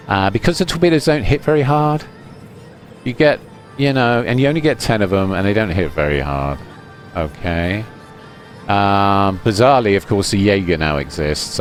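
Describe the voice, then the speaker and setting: A man giving chatty, explanatory commentary over his own gameplay, with many fillers. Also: sits low. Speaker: gaming YouTuber.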